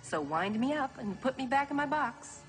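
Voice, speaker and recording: Elvira, a campy sultry horror hostess. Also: female voice, high-pitched, lively intonation, moderate pace, low-quality recording. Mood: teasing. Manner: theatrical, teasing, drawling sign-off. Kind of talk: archive TV horror-host clip. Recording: archive clip with loud music.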